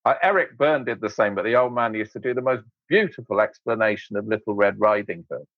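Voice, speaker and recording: A man, an interview guest, telling anecdotes in an animated way, laughing often and acting out voices. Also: on the low side, brisk, dry recording, lo-fi sound. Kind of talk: anecdotal storytelling.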